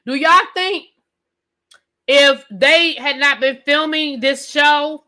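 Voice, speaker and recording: She speaks slowly in a slightly high, bright, forceful voice as she hosts a live review stream. Sassy and animated, she rants loosely and conversationally at her chat, using "y'all" and "baby" and repeating questions to drive points home.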